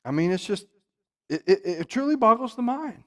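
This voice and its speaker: A man's voice: high voice, lively intonation, moderate pace. Emphatic male pastor teaching Bible study. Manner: emphatic, swings between loud exclamations and quiet asides. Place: church.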